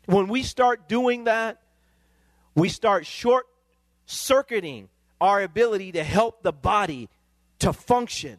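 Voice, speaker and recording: A male pastor, preaching a sermon that climbs into emphatic, excited peaks. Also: high voice, slow, pauses often, no room sound.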